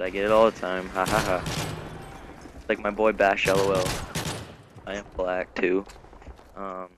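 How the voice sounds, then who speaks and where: Teen male gamer, low-pitched, relaxed commentary, game gunfire clear behind. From Canada. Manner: laid-back, many ums and uhs. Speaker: gaming commentator. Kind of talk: casual gameplay commentary. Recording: gunfire noise from game audio.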